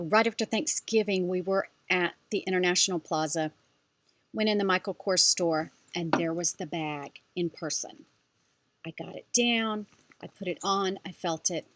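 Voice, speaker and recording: A middle-aged woman vlogger telling a story in a casual, chatty, animated way as she reviews a handbag. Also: on the low side, a little hiss or hum.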